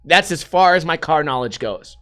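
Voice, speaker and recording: A man's voice: on the high side, animated, moderate pace, fairly bright tone. A young man with a profane, rambling comedic style, hosting a podcast and reading news stories aloud with running commentary. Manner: profane, rambling, acts out voices. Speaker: podcast host.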